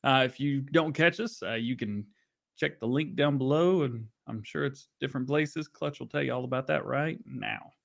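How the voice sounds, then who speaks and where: A man's voice: medium pitch, normal speed, vocal fry, a bit bright. A man hosting a podcast in joking, playful casual chat. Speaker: podcast host.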